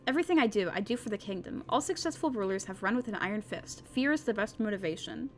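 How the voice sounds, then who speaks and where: Woman putting on a stern game villain, cold ruthless advisor, dropped low and hushed, lecturing. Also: animated, quick pace, a little hiss or hum, close to an everyday voice.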